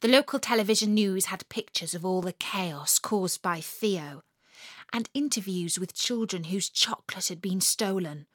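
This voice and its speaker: A woman narrating a children's story in a lively, expressive way, slowing for emphasis. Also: medium pitch, no echo, studio quality.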